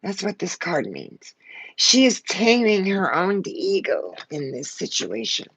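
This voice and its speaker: A woman's voice: medium pitch, very animated, a little slow, gravelly, fairly bright tone, breathy edge, no echo, poor audio. A woman giving a live-stream tarot reading, blunt and emotional, swearing freely and short of breath. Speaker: tarot card reader.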